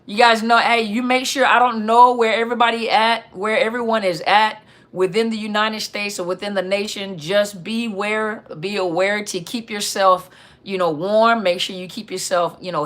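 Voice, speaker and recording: A woman hosting a live Q&A stream, chatting casually and reading out viewer comments in an upbeat, chatty way. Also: fairly bright tone. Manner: upbeat, chatty, reads out viewer comments with quick pitch jumps.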